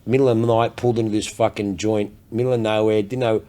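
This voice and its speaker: This Australian man sells luxury cars and tells stories on a laid-back podcast, cursing nonstop and bursting with energy. His voice is fairly low and he talks fast, a profane, lively storyteller.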